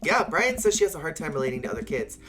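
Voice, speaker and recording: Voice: mid-range voice, sing-song, racing, over music, pitched above the performer's own voice, natural voice. Streamer reading a sassy teenage daughter. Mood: playful. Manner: teasing, playful. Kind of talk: reading game dialogue aloud.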